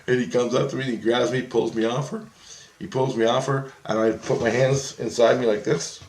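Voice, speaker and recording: A man's voice: mid-range voice, steady tone, a little fast, darkish tone. Profane, rambling man in an echoey room. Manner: profane, agitated, acts out voices in his story. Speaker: vlogger recounting astral travel. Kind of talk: rambling first-person storytelling.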